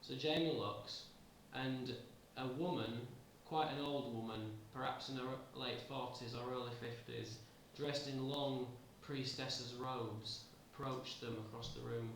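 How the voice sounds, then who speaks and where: Man, improvised storytelling, hesitant, gravelly, very echoey, distant from the mic. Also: medium pitch, steady tone, unhurried, few pauses, slight background noise. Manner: hesitant, with fillers. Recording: roomy, distant amateur recording.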